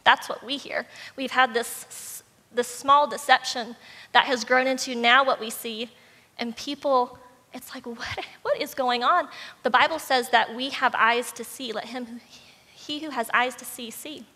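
Woman pastor, high bright voice, lively storytelling sermon, long church-hall reverb. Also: unhurried. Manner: animated, acts out animal voices in the story. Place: church sanctuary.

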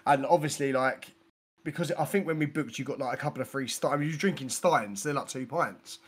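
A man's voice: medium pitch, brisk, breathy edge. A man, a podcast co-host telling a rambling, slangy anecdote in casual chat. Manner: animated storyteller, slangy, grows loud when excited.

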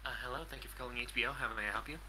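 A man's voice: medium pitch, fairly even intonation, very fast, sharp tone, a little hiss or hum, poor audio. A man voicing a flustered male phone support worker who stammers and then mocks the caller, in an improvised prank-call role-play. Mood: hesitant. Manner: hesitant, stammering, then mocking.

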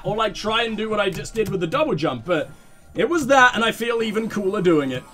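A man hosting a let's play, giving excitable, self-mocking game commentary full of swearing. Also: sits high, a little fast.

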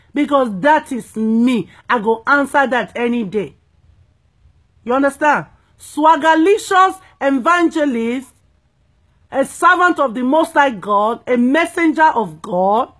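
A woman evangelist, preaching emphatically and playfully, often checking that listeners understand. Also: high-pitched. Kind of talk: preaching talk.

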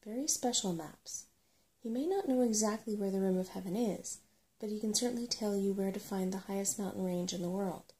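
A woman's voice: medium pitch, brisk, dark tone, close to an everyday voice. A woman voicing an anxious, earnest female rat giving advice, in a whispered role-play. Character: fussy, worried female rat advising travellers.

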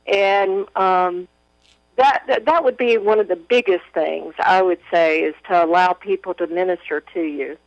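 A woman answering questions as a guest in a radio interview, soft-spoken and measured with pauses. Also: lowish voice, no room sound. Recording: muffled radio audio.

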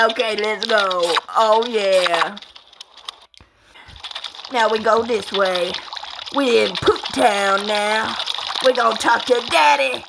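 A woman's voice: fairly high pitch, vocal fry. A woman giving crude comedic gameplay commentary, cackling often and doing mock-tough "daddy" banter. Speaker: let's play gamer. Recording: noisy, with mouse clicks.

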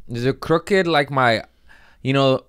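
A man's voice: medium pitch, slow pace, fairly bright tone, smooth, dry recording. A man in his thirties hosting a comedy podcast, rambling through the intro with self-mocking jokes and a lot of cussing.

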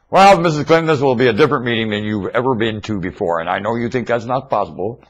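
A man rambling excitedly into his webcam microphone, jumping between thoughts. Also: on the low side, a little fast, rough recording. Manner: rambling, excitable, often laughing.

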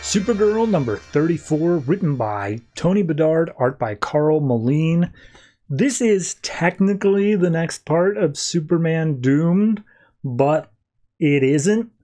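A man's voice: on the high side, lively intonation, slow pace, dark tone, faint music behind. A man hosting a podcast, casually retelling a comic issue and paraphrasing its characters with "he's like" and "she's like". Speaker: podcast host. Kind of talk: casual comic book recap.

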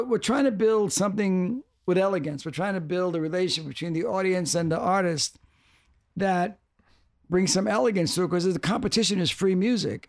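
A man's voice: sits high, dry recording, studio quality. An older man talking as a podcast guest, rambling, restarting and repeating for emphasis. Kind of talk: casual interview talk.

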